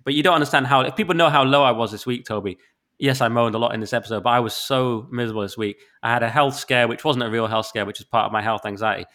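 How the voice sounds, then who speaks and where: A Northern English podcast co-host, speaking fast in a medium pitch, rants about listener reviews. Though recovering from the flu, he stays exasperated and sweary, his voice jumping in sudden loud spikes, while keeping the casual back-and-forth of the chat.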